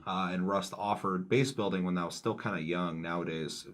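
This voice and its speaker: A man co-hosting a casual gaming talk show, laughing and swearing as he tells excitable stories. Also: low voice, moderate pace. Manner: laughing, profane, excitable storytelling. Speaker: podcast co-host.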